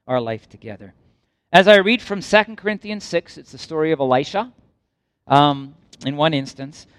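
A man preaching a sermon, reading scripture aloud and driving points home with emphatic repetition. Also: no room sound. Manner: swings between raised emphatic lines and quiet low asides.

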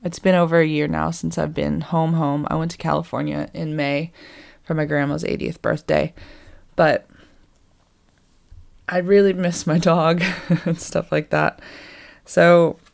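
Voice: mid-range voice, little pitch movement, measured pace, vocal fry, pauses often. A person in their twenties with an American accent, chatting casually and rambling about life abroad. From United States. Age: 20s.

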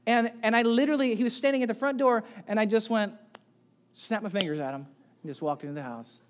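A middle-aged man, a pastor, preaching a sermon with animated storytelling that swings from quiet to loud. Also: sits high, fast talker.

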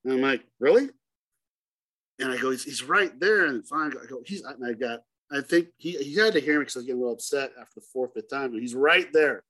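A middle-aged man, a hunting guide, telling a story in a casual interview and acting out the dialogue with lively turns of voice. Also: medium pitch, racing, few pauses. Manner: animated, acts out dialogue in the story.

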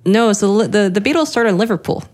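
A woman co-hosting a podcast in casual chat, talkative and quick to laugh and trade puns. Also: medium pitch, lively intonation, darkish tone. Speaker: podcast co-host.

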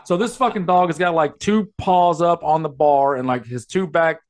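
Guy on a podcast going off about stuff, swears a ton, kinda high voice. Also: moderate pace. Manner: profane, ranting, storytelling. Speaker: podcast host. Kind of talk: casual podcast rant.

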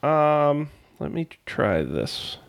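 Lively man with a cold. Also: fairly high pitch, drawn-out words, gravelly. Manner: animated, reads game text with playful emphasis. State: has a cold. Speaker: podcast host. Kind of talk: casual chat, reading a text game aloud.

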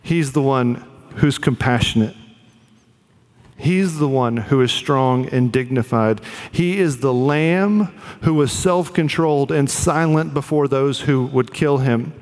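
A man's voice: mid-range voice, slow pace, darkish tone, in a large hall. A man preaching a sermon as pastor, earnest and conversational, with fillers.

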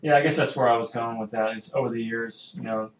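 A man's voice: medium pitch, fairly even intonation, fast talker, slight background noise. A man who serves as a military chief, talking hesitantly with many fillers in a casual podcast conversation. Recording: roomy, faint ambience.

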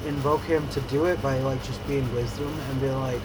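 A man in casual chat, teasing his friends with loud, profane banter. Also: medium pitch, steady tone, normal speed, crowd noise, rough recording.

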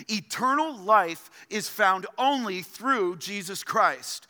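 A man's voice: sits high, expressive, slow, hardly any pauses, bright, forceful tone, big-room sound. A man preaching a sermon as pastor, emphatic and fond of repeating key phrases for stress. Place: church sanctuary.

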